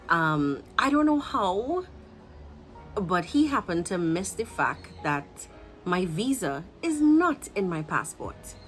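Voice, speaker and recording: A woman in her thirties with a Trinidadian accent, chatting to her viewers in an animated storytime. Her voice sits on the low side for a woman, with soft music playing faintly underneath. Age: 30s. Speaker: vlogger. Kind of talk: casual storytime chat.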